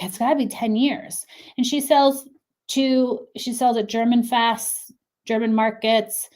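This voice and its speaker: A woman's voice: mid-range voice, darkish tone. A woman in her thirties, a clothing brand consultant giving casual, encouraging advice to camera with lots of fillers, slightly out of breath from pregnancy. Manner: chatty, encouraging, frequent fillers.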